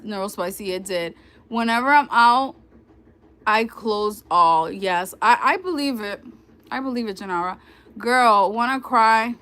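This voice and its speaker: A woman's voice: mid-range voice, fairly bright tone. A woman in her thirties from New York with a New York accent, chatting casually with viewers on a livestream and telling stories. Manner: chatty, storytelling, addresses viewers as y'all. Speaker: livestream host.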